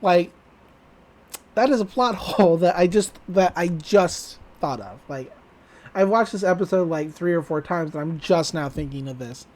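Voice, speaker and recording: A woman's voice: lowish voice, expressive, normal speed, a little mellow. A woman co-hosting a podcast, giving a chatty, casual recap with laughs and fillers. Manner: chatty, giggly, with frequent fillers. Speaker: podcast co-host.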